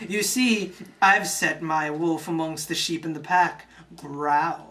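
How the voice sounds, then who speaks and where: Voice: mid-range voice, slow pace, bright, forceful tone, pitched below the performer's own voice. A speaker putting on a smug gloating villain. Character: smug scheming male villain gloating over his plan.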